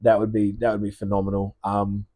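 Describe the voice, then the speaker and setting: A man's voice: fairly low pitch, monotone, brisk, dark tone. A young man from New Zealand with a New Zealand accent, chatting casually on a podcast as a guest, rambling and repeating words, swearing often. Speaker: guest, sports player.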